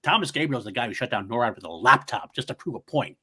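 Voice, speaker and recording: A man co-hosting a casual movie debate show, laughing often and acting out lines in a high voice. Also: lively intonation, fast talker, bright, forceful tone, slightly rough. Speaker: podcast co-host.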